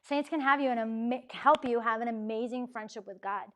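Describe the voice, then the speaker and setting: A woman speaks to a university ministry gathering, her voice sitting a little high. She tells her story with energy, acting out each voice she quotes and scattering "like" through her sentences. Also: fairly quick. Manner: animated, acts out quoted dialogue, frequent "like" fillers. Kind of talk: lively storytelling talk. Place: university talk room.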